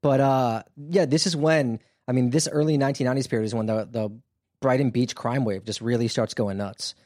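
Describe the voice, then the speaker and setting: A man narrates a true-crime story as a podcast host, chatty and animated with plenty of fillers. His voice sits in a middle pitch. The recording is dry and close. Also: a little fast, no echo. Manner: animated, conversational with frequent fillers. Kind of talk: casual storytelling.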